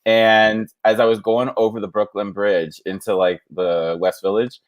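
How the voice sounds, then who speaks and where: A man's voice: fairly low pitch, level tone, normal speed. A man hosting a podcast, telling stories in a chatty way with lots of fillers. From New York City area. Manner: chatty storytelling with many fillers. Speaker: podcast host. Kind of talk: casual chat.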